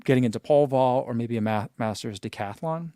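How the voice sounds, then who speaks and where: In a dry, studio-quality recording, a man in his forties with a medium-pitched, dark voice talks fast while hosting a casual live stream for his running channel. He's chatty, reads viewer comments aloud, and laughs often.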